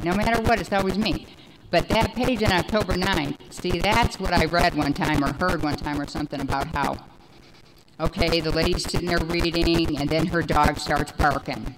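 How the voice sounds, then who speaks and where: A woman in her forties giving a personal recovery testimony, rambling and animated, with many fillers. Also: lowish voice, moderate pace, background noise. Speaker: speaker sharing recovery story.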